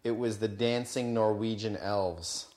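A man, likely a father in his thirties, co-hosting a casual podcast, easygoing with short replies and halting when he explains things. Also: lowish voice, steady tone, darkish tone. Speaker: podcast co-host. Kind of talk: casual chat.

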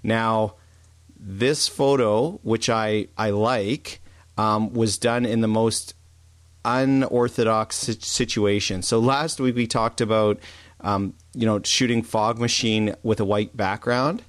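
A man with a low voice co-hosts a relaxed chat. His explanations are loose and easy, full of fillers, and his voice sits close and dry with no room sound. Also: slow, no room sound. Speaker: podcast co-host. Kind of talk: casual chat.

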